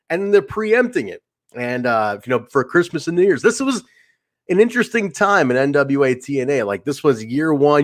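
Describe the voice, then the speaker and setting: A man hosting a casual solo podcast livestream, rambling with fillers and restarts and acting out other people's lines as he tells a story. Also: a little high. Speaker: podcast host.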